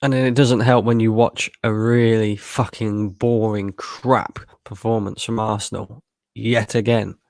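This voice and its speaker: A man's voice: lowish voice, level tone, unhurried, creaky, darkish tone, dry recording, studio quality. A man streaming a live match watchalong, tired after a long work shift and bluntly frustrated, swearing freely. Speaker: fan channel streamer.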